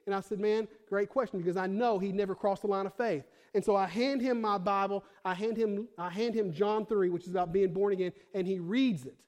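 A young man preaching a sermon as a pastor, telling stories in a chatty way, dropping to a hush and then rising to fired-up emphasis. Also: high voice, steady tone, brisk, few pauses. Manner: conversational storytelling with fillers, swings from hushed to fired-up.

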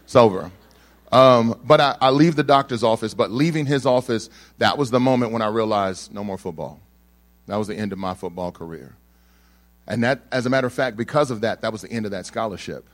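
At a slightly fast pace and fairly low pitch, a young man tells a personal story to an audience. He's animated, acting out the people he describes and joking with the listeners.

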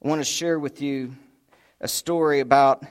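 A man's voice: medium pitch, steady tone, normal speed, smooth. A man preaching a sermon, a folksy storyteller who acts out voices and chuckles. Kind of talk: sermon with humorous stories. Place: church sanctuary.

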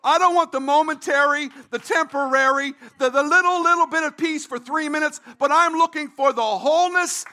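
High, bright-voiced man preaching slowly. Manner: emphatic preaching with repeated phrases and rising shouts. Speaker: pastor. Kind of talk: sermon.

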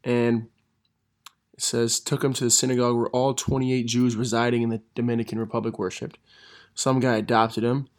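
A young man, a gym teacher, telling funny stories in a casual monologue, laughing through them and correcting himself as he goes. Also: medium pitch. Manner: laughs through his stories, animated, quick self-corrections.

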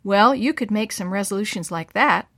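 A woman's voice: medium pitch, animated, normal speed, a bit bright, dry recording, studio quality. A woman reading aloud and voicing a teasing, take-charge boy who gives firm, reassuring orders. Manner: bossy, reassuring. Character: steady, teasing older brother, a boy.

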